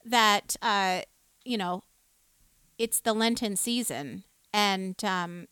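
Bright, clear-voiced cheerful woman. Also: mid-range voice, takes it slowly, dry recording. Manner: cheerful, reads out viewer names and greetings. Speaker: co-host of a live music stream. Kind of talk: casual live-stream chat.

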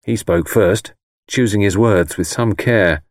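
Low-voiced man narrating an audiobook. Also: unhurried, dry recording, studio quality. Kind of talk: first-person audiobook narration.

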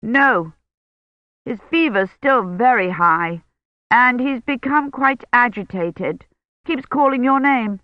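Narrator playing a no-nonsense older lady doctor, clipped and higher, audiobook, dull dry recording. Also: animated, no echo. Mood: concerned. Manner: brisk, dismissive.

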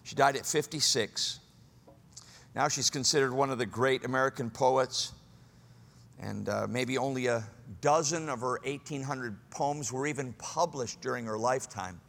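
A man preaching a sermon, swinging from loud, high exclamations to hushed, low asides. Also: moderate pace, vocal fry, long reverb tail. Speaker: pastor.

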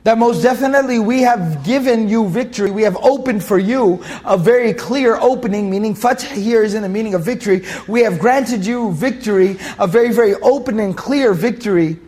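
A man with a notably high-pitched voice gives a Quran commentary lesson. He stresses his points by repeating key phrases. He breaks into a chanted recitation when quoting Arabic verses. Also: brisk, hardly any pauses, darkish tone. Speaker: Quran teacher.

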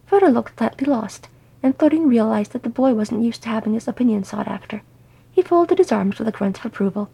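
Husky, gravelly woman reading a story. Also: on the high side, animated, a little fast, dark tone, poor audio. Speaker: reader. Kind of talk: audiobook reading of fan fiction.

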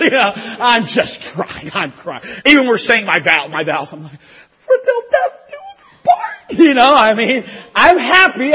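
A man preaching a sermon to a congregation in an animated way, often laughing and shouting at the high points. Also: slightly rough. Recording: long hall reverb, dull lo-fi sound.

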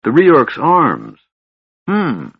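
A man's voice: on the high side, huge pitch swings, extremely slow, husky, dry recording, pitched above the performer's own voice, full character voice. A man doing Tasselhoff, a chirpy little kender. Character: cheerful curious small male kender, chatty. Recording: slightly dull, dry recording.

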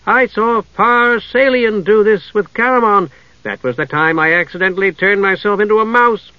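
A man voicing an excitable, chatty male kender who rambles eagerly, on a dull lo-fi recording. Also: a little high, moderate pace, breathy edge, no echo. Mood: excited.

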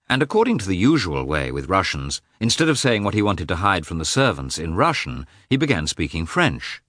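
A man giving an expressive, measured reading of a classic novel as an audiobook narrator. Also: low voice, no echo, studio quality.

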